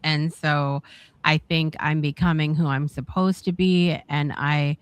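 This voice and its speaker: A woman hosts a reflective talk, her voice low and unhurried, often pausing on fillers and restarting her thoughts. The sound is dry and close. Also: fairly even intonation, smooth, no echo. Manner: halting, many fillers and restarts. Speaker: host. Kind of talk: reflective casual chat.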